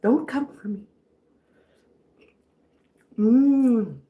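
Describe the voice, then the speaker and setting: A woman's voice: fairly high pitch, very slow, narrow, tinny audio. A middle-aged woman hosting a casual eating livestream at home, rambling and chatting to her viewers between bites. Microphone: camera on a stand.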